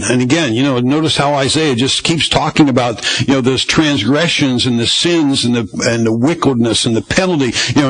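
A man's voice: medium pitch, fairly bright tone, breathy edge, rough recording. A man preaching a sermon from the Bible, conversational, with many fillers and repeated phrases. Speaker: pastor.

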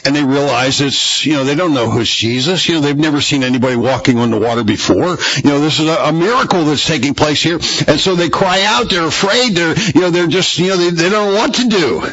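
Male pastor, chatty sermon full of rhetorical questions, husky voice, dull lo-fi church recording. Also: on the high side, brisk, hardly any pauses, fairly bright tone, dry recording. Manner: conversational, rambling with rhetorical questions.

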